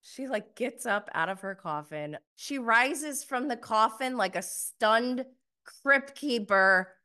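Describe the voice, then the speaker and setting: A woman chatting through a casual show recap, giggly and gushing one moment and exasperated the next. Her voice is bright and sharp, and she takes her time with the words. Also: fairly high pitch, animated, slow, clear, resonant tone. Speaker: TV show reviewer.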